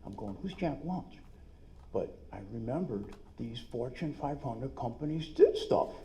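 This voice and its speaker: A middle-aged man with a New York accent gives an energetic, salesy seminar talk at a conference, full of quick asides. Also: medium pitch, slight background noise. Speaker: dentist and business speaker. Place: conference room.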